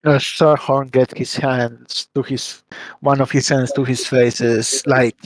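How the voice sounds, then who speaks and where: A man's voice: mid-range voice, little pitch movement, unhurried, no room sound. A man playing in a tabletop game, describing what his character does with many hesitations. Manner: hesitant, restarts and fillers. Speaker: player.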